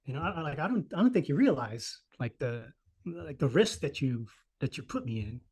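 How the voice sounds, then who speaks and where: A man in his thirties telling a personal story in casual podcast chat, profane and animated, acting out the voices of people in it. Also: on the high side, a little fast, husky.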